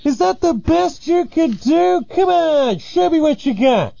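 Man putting on a cocky high-pitched taunting tough guy. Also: lively intonation, measured pace, vocal fry, warm tone, heavily acted. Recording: dull lo-fi radio broadcast.

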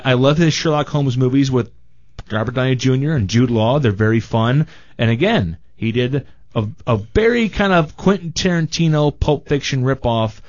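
A man chatting as a film critic guest on a radio show, animated and mock-quoting people. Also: mid-range voice, lo-fi sound. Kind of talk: casual radio banter.

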